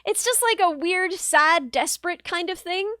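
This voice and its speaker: High-voiced chatty young woman streamer. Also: moderate pace, bright, forceful tone, no echo. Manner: chatty, rambling, wry, with laughs and many fillers. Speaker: vtuber streamer. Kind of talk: casual storytelling chat.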